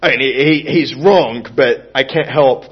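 A man preaching a sermon in an earnest, expressive way, moving from emphatic to hushed. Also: mid-range voice, unhurried, husky, highs cut off.

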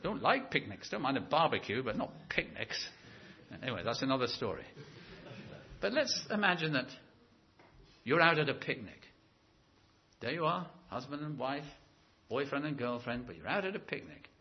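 Male preacher, lively sermon delivery with drawn-out emphasis, dull lo-fi church recording. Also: mid-range voice. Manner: animated, stretches key words for emphasis.

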